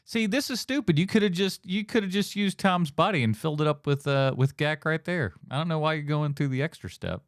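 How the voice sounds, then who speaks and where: A man's voice: on the high side, a little fast, hardly any pauses, dry recording, clean studio sound. A man hosting a podcast, chatting casually and joking as he reacts, rambling with restarts. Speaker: podcast host reacting to a show. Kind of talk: casual chat.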